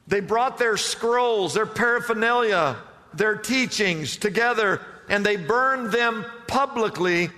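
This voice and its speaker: A man's voice: sits high, sharp tone, in a large hall. A man preaching a sermon as pastor, emphatic and firing off rhetorical questions to the congregation.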